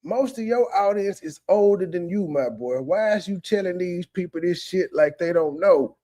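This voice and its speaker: High-voiced sarcastic man heckling. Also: expressive, moderate pace, mellow. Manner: mimics others in a mocking voice. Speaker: commentary streamer reacting to a clip. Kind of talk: casual mocking commentary.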